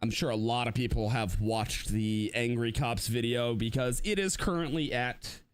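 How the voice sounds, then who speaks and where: A man co-hosting a live-streamed podcast, talking casually and laughing often, with quick swings into mocking put-on voices. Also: mid-range voice, clear, resonant tone, faint music behind. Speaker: podcast co-host.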